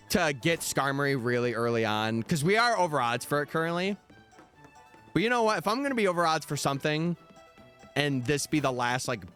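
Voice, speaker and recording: In a casual livestream chat, a young man responds to his viewers' messages over quiet background music. His voice sits a little high with a fairly bright tone.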